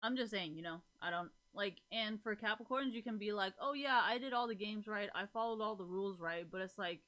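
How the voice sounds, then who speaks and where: A woman livestreams and chats casually with her viewers, rambling through her thoughts with plenty of fillers, frequent laughter, and casual swearing. Her voice is mid-range and a bit bright.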